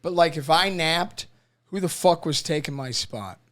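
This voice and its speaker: A young man with a fairly high voice talks on a podcast. He stumbles and repeats words, and his voice often trails off. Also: a little slow, a bit bright. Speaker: podcast co-host, veteran. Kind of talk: casual conversation.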